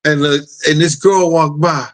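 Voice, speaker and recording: A man's voice: fairly high pitch, steady tone, moderate pace. A man in his fifties with a New York accent, hosting a casual live-stream chat and often laughing as he tells street stories. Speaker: show host.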